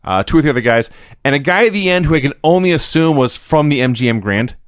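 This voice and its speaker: Dude on a podcast being dry and sarcastic, lively voice, dead dry sound. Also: male voice, fairly high pitch, fast, no echo. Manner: dry, sarcastic, wry storytelling recaps. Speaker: podcast co-host. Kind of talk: casual chat.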